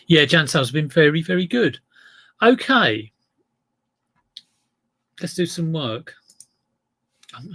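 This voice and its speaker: A man's voice: on the high side, creaky, a bit bright, husky. A middle-aged man chatting casually on a live stream as an eBay reseller, rambling and greeting viewers by name.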